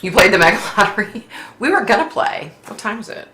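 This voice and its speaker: A woman's voice: medium pitch, sing-song, fairly quick, bright, forceful tone, reverberant, slight background noise. A woman who is a psychic medium, hosting a casual livestream chat, chatty and laughing often as she reads comments aloud.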